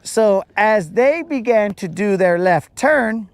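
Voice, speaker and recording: A man's voice: sits high, expressive, slow, clean tone, dry recording. A man hosting a podcast, telling a story in a casual, slangy, laid-back way. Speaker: podcast host.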